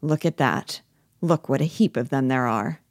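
A woman reading the part of Torvald Helmer, a genteel and condescending husband in a classic stage play, in a brisk, fussy manner. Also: extremely low pitch, vocal fry, dry recording, clean studio sound. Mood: puzzled.

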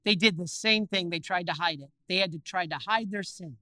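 A male preacher tells stories with lively energy and throws questions at his listeners. His voice is bright and ringing. The sound is dry and close. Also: sits high, fairly quick, no room sound. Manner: animated, acts out scenes, asks the audience questions. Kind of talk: storytelling sermon.

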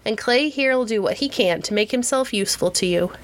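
A woman voicing a kindly, steady farmer father who speaks calmly and reassuringly in a storybook reading. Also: a little high, fairly quick, a little hiss or hum, close to an everyday voice. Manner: calm and reassuring.

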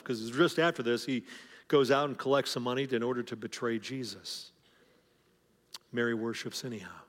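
A man preaching a sermon as pastor, talking in a conversational way and often repeating words as he starts a phrase. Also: medium pitch. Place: church sanctuary. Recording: long hall reverb.

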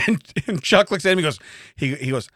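A man's voice: on the high side, lively intonation, normal speed, a bit bright, no echo, studio quality. A man co-hosting a podcast, telling a story in casual chat, acting out quotes and laughing often. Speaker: podcast co-host. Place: podcast studio.

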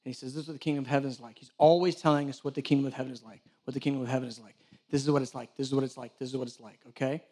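Rapid-fire and mid-range in pitch, this male church director preaches through animated stories. He acts out each piece of dialogue and jokes with the congregation as he goes.

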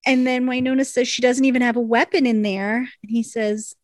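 A woman chatting on a podcast, walking her co-host through a TV episode scene by scene. Her voice sits somewhat high. The sound is dry and close to the microphone. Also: a little fast, no room sound. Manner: animated retelling, quoting characters in voices. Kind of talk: casual chat. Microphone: desk microphone.

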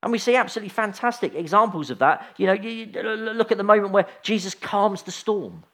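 A man's voice: high voice, fast, pushed and bright. A middle-aged man giving an informal sermon, chatty and anecdotal, with frequent restarts and asides. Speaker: preacher.

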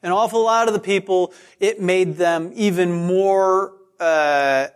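A man preaching as pastor speaks slowly in a smooth, high-pitched voice. He keeps the sermon conversational, with stories and asides at his own expense, repeated phrases for emphasis, and key words drawn out.

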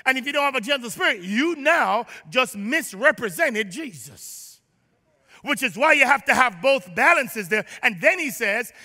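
A male pastor preaching a sermon in a church, emphatic, rising to shouts and dropping to low asides, calling on the congregation to respond. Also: expressive, normal speed, big-room sound. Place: church sanctuary.

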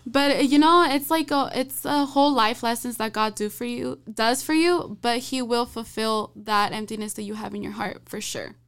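A woman's voice: a little high, moderate pace, few pauses, fairly bright tone, clear, resonant tone. A young woman sharing her thoughts in a casual faith discussion, hesitant and giggly, full of fillers.

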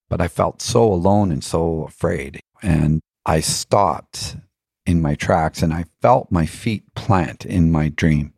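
A man with a very deep voice and a husky, grainy edge talks in a reflective, earnest way. He keeps stopping to ask himself questions. The sound is close and dry. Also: a little slow, darkish tone, no echo. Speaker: interview guest. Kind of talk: reflective spiritual storytelling.

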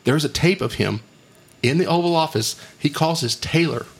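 Rough gravelly dude hosting a podcast, rambly and jokey, kinda husky. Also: male voice, on the high side. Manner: joking, rambling, quick to laugh. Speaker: podcast host. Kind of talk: casual podcast chat.

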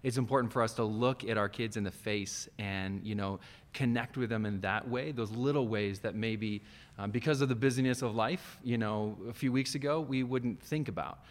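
A man, a kids ministry pastor, speaking in a relaxed, thoughtful way with fillers in a casual discussion. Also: fairly low pitch, moderate pace. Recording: reverberant room sound.

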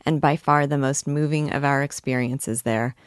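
A middle-aged woman guiding listeners through a classic novel, reading passages aloud and commenting on them in a measured, reverent way. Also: rumbling low, steady tone, dry recording, clean studio sound. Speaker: book discussion guide.

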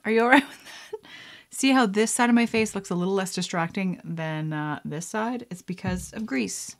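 A woman's voice: medium pitch, normal speed. A woman vlogger chatting casually while powdering her face, rambling with laughs and whispered asides. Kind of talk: casual chat while doing makeup.

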